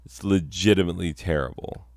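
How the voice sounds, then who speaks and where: A man's voice: deep voice, brisk, vocal fry, no room sound, studio quality. A man performing a solo comedy sketch, rambling and self-mocking, breaking into mock-outraged bursts.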